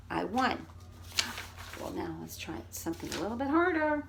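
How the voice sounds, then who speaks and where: A middle-aged woman, a speech therapist, giving an instructional demonstration with clear, exaggerated sound drills. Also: fairly high pitch, big pitch swings, normal speed, pauses often, noisy background.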